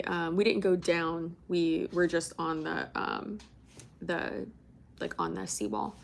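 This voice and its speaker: Chatty young woman with a creaky voice. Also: mid-range voice. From Tampa, Florida. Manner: chatty, rambling, swears casually, many fillers. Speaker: livestream host. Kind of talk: casual livestream chat.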